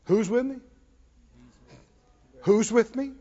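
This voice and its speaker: A man with an extremely high, mellow voice preaches slowly to a congregation in a church hall. He repeats phrases for emphasis and prompts the people to answer back. The reverberant hall gives a dull, lo-fi sound.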